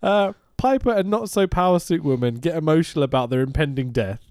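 Sweary man with a lively voice. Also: on the high side, dry recording, studio quality. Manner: sweary, laughing, mimics characters in quick asides. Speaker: podcast co-host. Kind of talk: casual chat, recapping a film.

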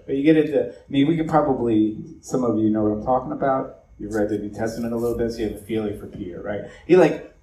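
A man's voice: mid-range voice, darkish tone. A man leading an evening church meeting, talking to the congregation in a loose, chatty way full of fillers and asides. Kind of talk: casual evening talk to a congregation. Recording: echoey room, distant mic, faint noise.

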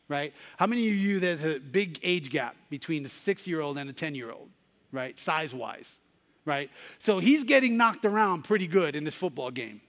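A man's voice: fairly high pitch, a bit bright, in a large hall. A man preaching a sermon, telling a story and rising to emphatic Bible readings.

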